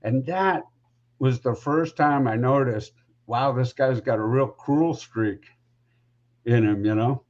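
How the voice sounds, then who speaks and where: Man, podcast guest, rambling casual storytelling, middling pitch, dull lo-fi audio. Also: slow, a little mellow. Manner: rambling, conversational, lots of asides.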